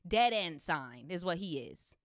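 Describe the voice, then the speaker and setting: A woman's voice: fairly low pitch, very animated, measured pace, fairly bright tone, dry recording, studio quality. A young adult woman streaming, reading viewer stories aloud and reacting with sassy, slangy, profane commentary. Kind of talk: livestream story reading with commentary.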